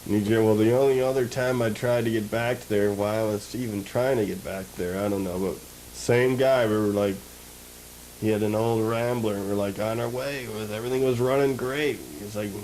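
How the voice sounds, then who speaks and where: A man co-hosting a casual chat show, trading wry remarks and slowly telling his own story. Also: fairly low pitch, steady tone, darkish tone, slight background noise, low-quality recording. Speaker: show co-host.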